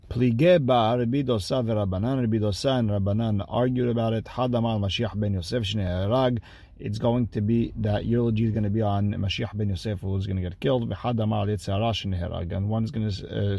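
A man's voice: medium pitch, dark tone. A man giving a daily Talmud lesson, reading the text aloud line by line and then translating it in casual speech. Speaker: Talmud teacher.

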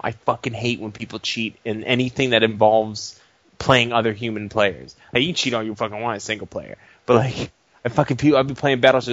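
A man's voice: medium pitch, dry recording. A man co-hosting a podcast, telling profane stories in a casual chat, laughing often. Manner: animated, profane storyteller who laughs often. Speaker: podcast co-host. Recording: dull lo-fi podcast audio.

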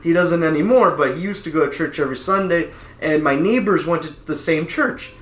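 With a fairly high, bright-toned voice moving a little fast, a middle-aged man wanders through a casual story, frequently starting over and breaking into laughter. A roomy echo surrounds the recording.

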